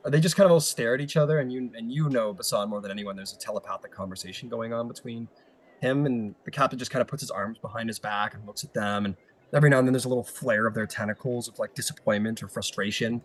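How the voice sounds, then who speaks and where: A man's voice: medium pitch, quick pace. A man narrating as game master of a tabletop game, loose and rambling with many fillers.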